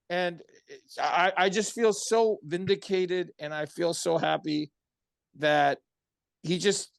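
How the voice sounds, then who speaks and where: A man with a fairly high voice trades sarcastic, teasing takes on a casual sports podcast. His voice sounds dry and close, with almost no room around it. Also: gravelly, smooth, dry recording. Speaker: podcast co-host.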